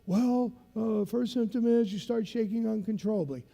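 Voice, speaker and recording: A man's voice: sits high, moderate pace, creaky, mellow, long reverb tail, voice pushed up. A man doing a mumbling, hesitant navy medic. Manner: hesitant, filler-laden, mumbling.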